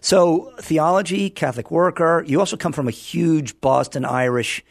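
Gravelly-voiced male radio host. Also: on the high side, normal speed, no echo, studio quality. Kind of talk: interview chat.

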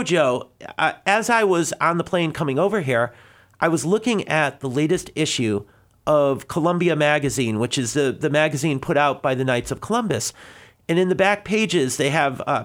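A man's voice: on the high side, expressive, normal speed. A man from Connecticut answering a caller on a live radio show, a little out of breath, earnest and rambling with many restarts. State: slightly out of breath. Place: radio studio.

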